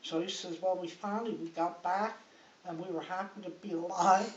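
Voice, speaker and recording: Far from the mic, an older grandmotherly woman on her living-room sofa tells a casual, rambling story, chatty and peppered with "right?" and "like." She speaks at normal speed in a low voice with fairly even intonation. The home recording is muffled and hissy, picked up from across an echoey room.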